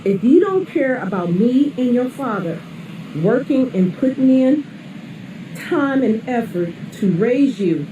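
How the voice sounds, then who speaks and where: A woman's voice: on the high side, expressive, slow pace, mellow, muffled recording. Blunt, cursing mother ranting from afar. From St. Louis area, USA. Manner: blunt, swearing, scolding. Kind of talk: angry profane rant. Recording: echoey, distant, noisy.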